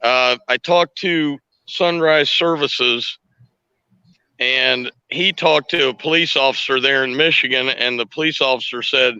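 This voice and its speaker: Male guest with a crisp, forceful voice, blunt, on dry muffled call audio. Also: mid-range voice, a little slow, dry recording. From Ohio. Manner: blunt, matter-of-fact. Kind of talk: casual chat. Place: out on a work job.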